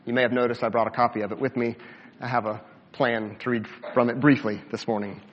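A man delivering a sermon from the pulpit, his middle-pitched voice deliberate and measured. He slows for emphasis and lets each phrase sink low at the end. The recording is slightly muffled, with a long reverb from a large hall. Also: flat delivery. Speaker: pastor.

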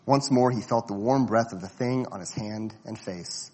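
Male storybook reader, measured, expressive, husky, echoing. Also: lowish voice. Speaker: narrator. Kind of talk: storybook reading aloud.

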